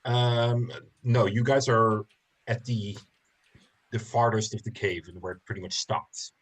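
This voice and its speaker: A man runs a tabletop game as game master, narrating slowly and unhurriedly. His voice sits slightly low with a husky grain, and he pauses often to find his words. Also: fairly even intonation. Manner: slow, pausing narration with fillers.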